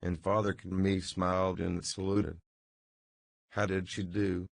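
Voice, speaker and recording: Male audiobook narrator, deep gravelly voice, slow measured delivery. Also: dry recording. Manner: slow, measured, even reading.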